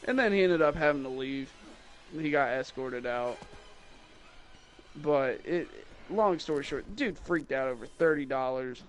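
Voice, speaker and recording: A young man who sells guitars, rambling through a mocking, animated story about rude customers in casual chat. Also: fairly high pitch, normal speed, faint music behind. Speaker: guitar salesman.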